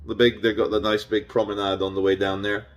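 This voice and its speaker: A man's voice: on the low side, little pitch movement, a little fast. A man delivering a rambling, sarcastic and irreverent casual monologue as a vlogger.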